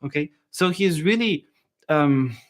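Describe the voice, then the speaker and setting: A man giving a live online saxophone lesson, relaxed and chatty, often checking in with his viewers and singing phrases to show them. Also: fairly high pitch, slow pace, faint music behind. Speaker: saxophone teacher.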